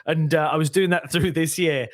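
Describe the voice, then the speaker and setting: A man's voice: fairly high pitch, fairly even intonation, normal speed. A man, a comedian guest on a podcast, chatting casually and acting out the people in his anecdotes. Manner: mimics people while telling anecdotes. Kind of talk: casual chat.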